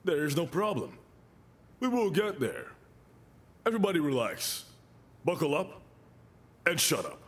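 A preacher doing a calm airline pilot. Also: male voice, fairly high pitch, unhurried, long pauses, pitched below the performer's own voice, heavily acted. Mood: soothing.

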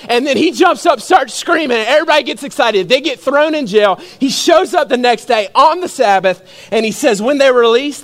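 A young man delivers a sermon in a high, bright-pitched voice. He tells stories with growing animation, pushing up into near-shouts and dropping low again to explain scripture. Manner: animated storytelling, building to shouts. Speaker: pastor.

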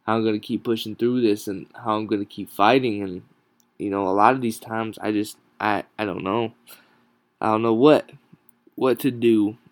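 A man hosting a podcast from home without a proper microphone, exhausted and yawning, talking haltingly with many pauses and restarts. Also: lowish voice, steady tone, no echo. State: exhausted, sleep-deprived. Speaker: podcast host. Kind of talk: casual solo podcast talk. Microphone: no proper microphone, home recording.

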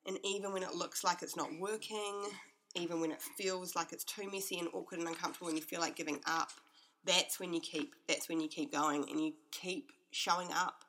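A woman's voice: lowish voice, fairly even intonation, brisk, a bit bright, slight background noise. A woman hosting her own podcast from her home kitchen, talking candidly and heartfelt, rambling with lots of "like.". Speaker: podcast host. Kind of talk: candid personal monologue. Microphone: podcast microphone.

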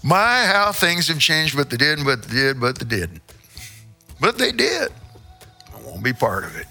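A man's voice: medium pitch, big pitch swings, a little slow, creaky, pushed and bright, breathy edge, soft background music. A man from Indiana, a singer on stage, telling a rambling, repetitive comic monologue with playful asides.

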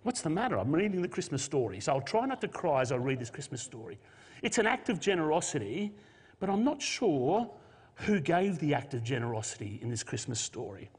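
A man's voice: a little high, very animated, fairly quick, a little mellow, husky. A man preaching an earnest, emotional Christmas sermon and reading a story aloud. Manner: earnest, emotional, with restarts and shifting emphasis. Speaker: pastor. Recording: long hall reverb.

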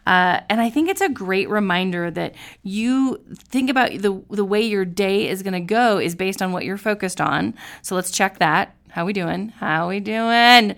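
Woman, podcast host, casual motivational chat, upbeat and encouraging, gravelly fry in the voice. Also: mid-range voice, normal speed, few pauses.

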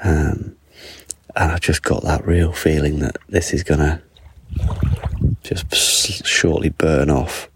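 Casting: male podcaster, deep and flat, musing aloud on a beach walk with water sounds behind. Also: slow, low-quality recording. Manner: rambling, chatty, self-mocking. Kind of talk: casual walking podcast monologue. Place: outdoors on a foggy island beach. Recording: outdoor water noise. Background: lapping water.

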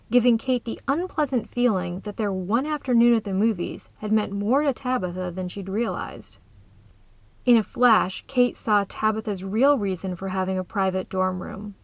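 A woman reading a story aloud in a calm, even way. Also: medium pitch, gravelly, no room sound. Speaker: narrator. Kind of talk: scripted story narration.

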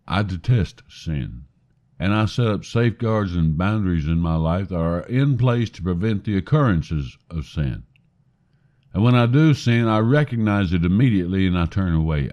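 A man's voice: low-pitched, a little mellow, muffled recording. A man giving an earnest recorded sermon, questioning his listeners directly. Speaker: preacher.

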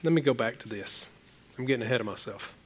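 A pastor delivers a sermon in an animated, rambling way, repeating words and lurching from loud exclamations to quiet asides. His voice is medium-pitched and he talks fast. There's noise in the background.

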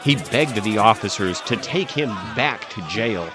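A man telling a dark history story as scripted narration, with a dramatic, expressive delivery. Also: on the low side, a little slow, a crowd in the background. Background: faint background music.

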